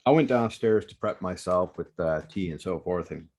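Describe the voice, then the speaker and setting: A man hosting a podcast, telling a rambling story in casual chat with heavy swearing and lots of excitement. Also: sits low, normal speed. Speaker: podcast host. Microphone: remote call setup.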